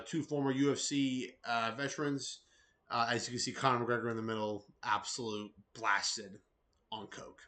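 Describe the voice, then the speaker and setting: A man's voice: medium pitch, sharp tone. A man hosts an easygoing sports news roundup. His delivery is loose and rambling, and his sentences wander through fillers and restarts. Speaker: host of a combat sports news show.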